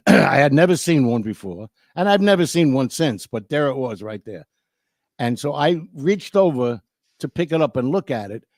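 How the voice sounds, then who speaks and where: A man's voice: medium pitch, a little mellow, no room sound, studio quality. Older New man telling a story. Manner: profane, acts out both sides of the dialogue. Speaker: storytelling guest. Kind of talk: casual storytelling.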